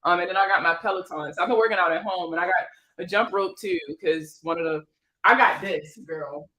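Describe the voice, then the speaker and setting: Host, female, 30s, Maryland accent; bright voice, laughs easily, loose and talkative. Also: lowish voice, brisk, low-quality recording. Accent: Prince George's County, Maryland. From Maryland, USA. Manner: laughs a lot, chatty and joking. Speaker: host of a credit advice livestream. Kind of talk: casual livestream chat.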